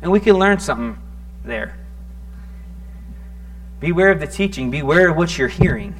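A man preaching a sermon in a conversational, animated way, often restarting his words and joking at his own expense. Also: on the high side, moderate pace. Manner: conversational, self-deprecating, animated with stuttering restarts. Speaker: pastor.

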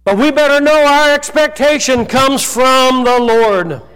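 A middle-aged man preaches as pastor to his congregation. His voice sits very high for a man. He swings between loud, rousing calls to the room and softer, slower passages as he reads scripture. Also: clean tone. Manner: preaching with sudden shouts and quieter scripture reading. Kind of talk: sermon. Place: church.

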